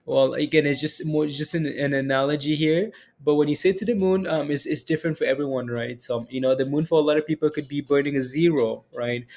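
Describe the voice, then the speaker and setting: A man with a medium-pitched, darkish voice casually chats with his livestream audience about crypto prices. He reads and answers live comments, frequently ending sentences with "right?"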